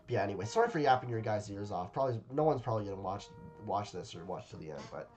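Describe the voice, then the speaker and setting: A man's voice: on the low side, animated, rapid-fire, darkish tone, dull audio, faint music behind. Rambling man reacting casually. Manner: rambling and hesitant, many fillers and repeats. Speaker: video creator reacting to a game trailer. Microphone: webcam setup.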